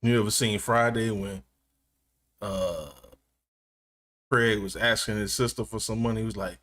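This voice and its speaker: A man's voice: lowish voice, fairly even intonation, measured pace, long pauses, fairly bright tone. A man live-streaming from his gaming chair at home, chatting casually with viewers, joking and laughing often.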